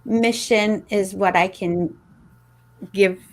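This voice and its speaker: A woman's voice: mid-range voice, steady tone. A woman hosting a talk show who thanks her guest often and repeats her ideas back to her. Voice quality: slow and appreciative, thanks the guest warmly. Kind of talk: interview chat.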